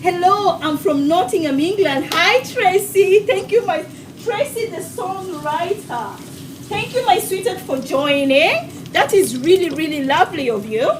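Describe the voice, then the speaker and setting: A woman's voice: extremely high pitch, lively intonation, a little slow, distant mic, noisy background. A woman hosting a live cooking stream in her home kitchen, chatting affectionately with viewers and calling them sweetheart as she reads their comments. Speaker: cooking show host.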